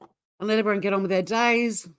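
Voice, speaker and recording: A middle-aged woman with an Australian accent hosting a casual livestream, blunt and quick to swear, often breaking into laughter as she chats. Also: mid-range voice, steady tone, clear, resonant tone. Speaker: livestream host. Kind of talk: casual livestream chat reacting to a clip.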